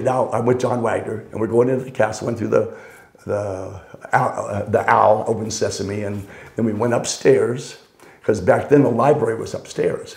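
Gravelly older man telling stories. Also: on the low side, a little mellow. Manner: rambling, self-correcting, wry. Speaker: storyteller guest. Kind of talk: casual anecdote telling. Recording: roomy echo.

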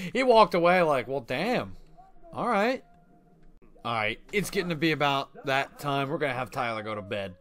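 A man giving casual let's-play commentary on a life-sim game, excitable and slangy, laughing often. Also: mid-range voice, normal speed.

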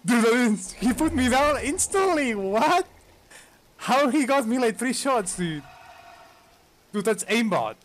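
A young man playing a multiplayer game, talking excitedly, yelling for help, cursing and saying "dude" all the time. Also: very high-pitched, takes it slowly, a little hiss or hum. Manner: excitable, yells for help, curses, says "dude" constantly. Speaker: gamer. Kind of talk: excited gaming commentary.

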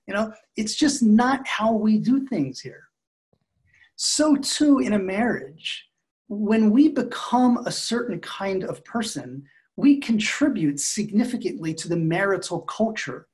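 A middle-aged man answers interview questions as a relationship expert, in an even, measured and thoughtful way. His voice sits somewhat high for a man. The tone stays calm throughout. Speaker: marriage expert guest. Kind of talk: podcast interview.

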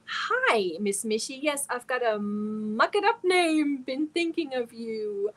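A middle-aged woman chats casually on her live stream. Her voice sits a little high, and she greets viewers and answers their messages one by one. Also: animated, slow pace. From Germany. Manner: reads chat messages aloud and answers viewers warmly one by one.

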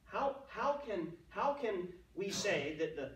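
A man teaching an adult Sunday school class, talking with the group, asking them questions and slowing down to stress key words. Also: high-pitched, very animated, distant mic, slight background noise. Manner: conversational, asks the class questions, slow emphatic stresses. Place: church classroom. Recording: roomy sound, speaker off mic.

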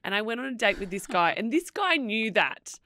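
Lively Australian woman podcast host. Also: fairly high pitch, brisk. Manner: laughs often, teasing and animated. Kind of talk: casual chat.

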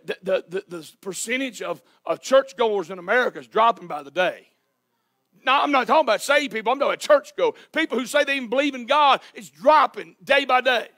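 A man delivers a sermon in a church sanctuary. His voice sits very high for a man, and he hollers his points with fervent emphasis. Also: fairly bright tone. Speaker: pastor.

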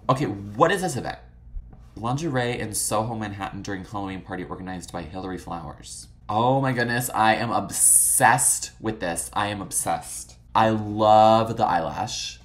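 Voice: mid-range voice, normal speed. A vlog host chatting casually while browsing old photos, gushing and swearing freely, full of dramatic exclamations and "like" fillers.

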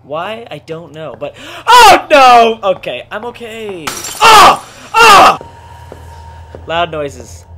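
A man's voice: extremely high pitch, huge pitch swings, very slow, vocal fry, noisy background. A man narrating his horror game playthrough, swearing and joking, then breaking into panicked screams. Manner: profane, jokey, panicky screaming. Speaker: gaming video creator. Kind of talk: horror game let's-play commentary.

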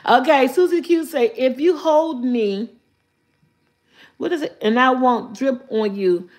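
A woman hosting a casual live stream, reading riddles from her chat aloud, repeating them slowly and laughing often. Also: high voice, darkish tone.

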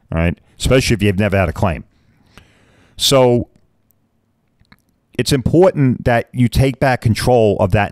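A man's voice: lowish voice, darkish tone, dry recording. Blunt, rambling middle-aged man. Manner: rambling and blunt, mild swearing; chatty, keeps asking "right?". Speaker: podcast host. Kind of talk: casual podcast talk.

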